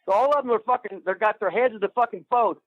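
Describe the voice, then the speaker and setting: A man's voice: high-pitched, fast, dry recording. A man ranting in a casual chat, swearing constantly and rambling crudely, heard over a muffled phone line. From Indiana. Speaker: guest.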